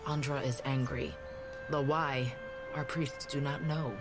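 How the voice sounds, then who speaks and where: This is a weathered island elder, calm and measured, who weighs every word gravely. Her speech stays level and unhurried, and game music plays clearly underneath. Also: very deep voice. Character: calm, weathered older woman tribal leader. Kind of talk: game voice acting.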